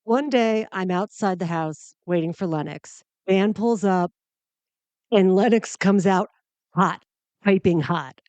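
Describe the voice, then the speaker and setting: A woman's voice: mid-range voice, slow, a little mellow, no echo, dull audio. A woman hosting a comedy podcast, telling a story in a wry, self-mocking monologue full of exaggeration for laughs.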